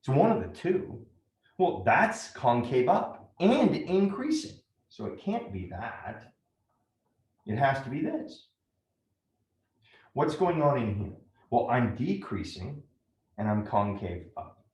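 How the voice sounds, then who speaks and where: A man's voice: mid-range voice, sing-song, takes it slowly, pauses often, darkish tone, echoey room. A man teaching a math lesson step by step, often checking in with "right?".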